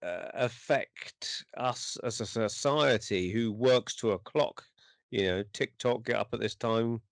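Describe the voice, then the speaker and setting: A man's voice: lowish voice, unhurried, gravelly, no room sound. A male podcast host asking a guest a question in a hesitant, casual way. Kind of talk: interview.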